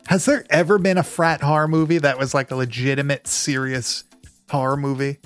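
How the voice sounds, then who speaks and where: A man's voice: on the high side, fairly even intonation, brisk, faint music behind. Joking man hosting a podcast. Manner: jokey, laughs often. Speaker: podcast host. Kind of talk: casual podcast chat.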